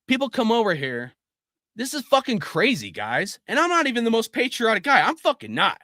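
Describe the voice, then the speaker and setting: This is a middle-aged man giving an angry opinion rant, swearing in nearly every line. His voice sits high and leaps around in pitch. It has a bright, tense edge and is recorded dry and close. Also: huge pitch swings, a little fast, no echo. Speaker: video host.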